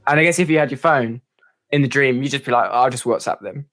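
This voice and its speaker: A woman's voice: very deep voice, quick pace. Casting: woman podcast guest, thoughtful, hesitant, lots of fillers. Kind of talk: casual chat.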